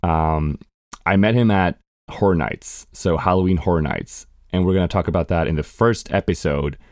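This podcast host is a man in his twenties whose first language is Swedish and who speaks with a learned American accent. Alone on the mic, he's talkative and frank, swearing offhandedly and laughing at his own expense, in a low, somewhat mellow voice at normal speed, with clean studio sound and no room echo.

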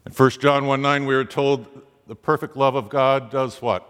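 A man's voice: fairly even intonation, moderate pace, a bit bright, clean tone. A man preaching a sermon, dramatic, his voice rising sharply on the pleading questions he voices. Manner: dramatic, rising pitch on quoted pleas. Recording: long hall reverb.

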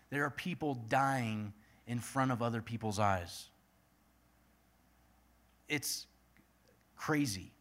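A man's voice: medium pitch, a bit bright. A male pastor preaching and praying in an earnest manner, building his points through repeated lists. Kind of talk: sermon.

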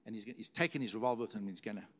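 A man's voice: fairly low pitch, racing, a bit bright. A middle-aged man preaching a sermon, telling stories animatedly and repeating words for emphasis. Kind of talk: sermon storytelling.

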